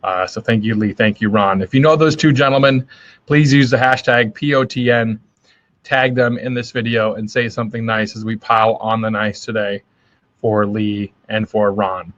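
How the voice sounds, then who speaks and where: A man's voice: on the low side, steady tone, normal speed, a bit bright, muffled recording. A man hosting his daily live stream, giving a casual motivational talk in a friendly, rambling way with many fillers and restarts. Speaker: host of a daily live video.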